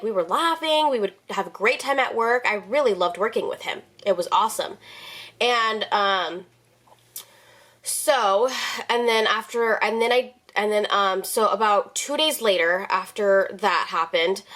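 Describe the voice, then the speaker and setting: A woman's voice: medium pitch, fairly bright tone. Young woman vlogger, casual storytime, rambly and emotional, fillers and false starts. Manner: rambling, many fillers and restarts, emotional retelling. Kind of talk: casual storytime chat to camera.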